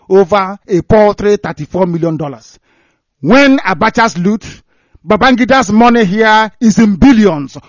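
A man's voice: high-pitched, dry recording. A man with a Nigerian accent, a broadcaster delivering impassioned commentary and ranting with repeated phrases for emphasis. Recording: dry, dull lo-fi recording.

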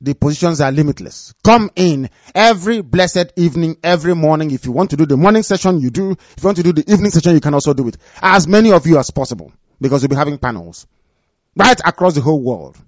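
A man's voice: animated, quick pace, dry recording. Commanding man on dull lo-fi radio. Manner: commanding, repetitive, drops low and quiet for warnings. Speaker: movement leader addressing followers on air. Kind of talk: live radio address.

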